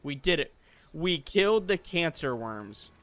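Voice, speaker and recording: A young man hosting a let's play, chatting casually and joking, then bursting into loud shouts. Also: on the high side, very animated, a little slow, soft background music. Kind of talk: casual gaming chat.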